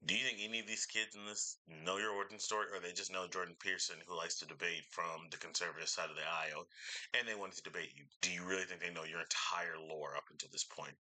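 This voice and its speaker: Talking fast in a low, steady voice, a man gives casual commentary on a debate clip through a studio microphone. He sounds exasperated, swears, and breaks into loud outbursts.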